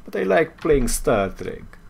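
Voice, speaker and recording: A man's voice: on the high side, very animated, slow pace, gravelly, breathy edge. A young man from Romania with a Romanian accent streaming a game, talking casually with many fillers and a wry edge.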